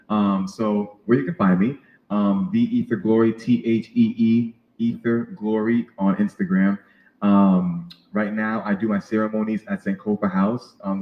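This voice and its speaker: A man's voice: fairly low pitch, echoey room, dull audio. A man who works as a sound healer, talking in an earnest, reflective way as a podcast guest. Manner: earnest, reflective, many fillers. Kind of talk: casual interview conversation.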